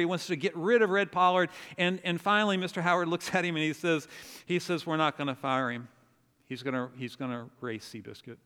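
A man preaching a sermon, telling a story in an animated way and acting out the quotes. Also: fairly high pitch. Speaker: pastor. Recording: long reverb of a large hall.

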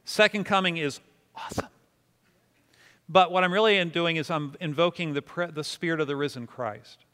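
Speaking at a moderate pace in a fairly high, slightly bright voice that is clear and resonant, a pastor teaches prayer to a congregation. He keeps it casual and self-deprecating, leading the room in repeating words after him, with a long hall reverb.

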